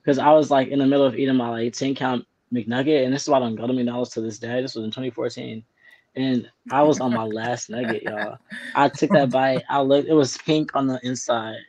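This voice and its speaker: A man in a casual group chat telling an animated story. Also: medium pitch, a little fast, poor audio.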